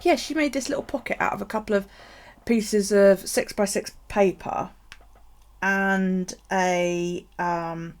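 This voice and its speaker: A woman's voice: mid-range voice, steady tone, takes it slowly. A woman chatting casually while crafting on a live stream, rambling, swearing freely and laughing at herself. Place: home craft space.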